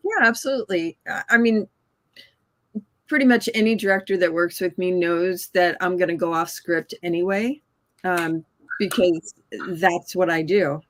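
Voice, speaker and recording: A woman, an actor guest on an interview show, explaining her approach in a measured way. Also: fairly low pitch, fairly bright tone. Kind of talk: casual chat.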